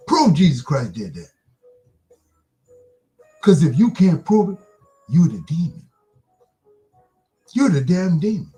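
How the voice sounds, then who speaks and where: High, lively man preaching with taunting questions. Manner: preachy, rapid-fire rhetorical questions, taunting the listener. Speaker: host of an online broadcast. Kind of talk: impassioned religious monologue.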